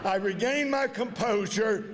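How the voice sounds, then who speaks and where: A man's voice: high voice, unhurried, big-room sound, background noise. An older man, telling a story in a plain-spoken, folksy way as he gives a speech at an awards dinner. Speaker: inductee giving a speech. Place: banquet hall.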